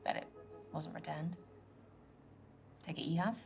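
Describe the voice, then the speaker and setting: Breathy flirty date. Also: female voice, low voice, measured pace. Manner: teasing, flirtatious, often soft and breathy. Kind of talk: video game acting.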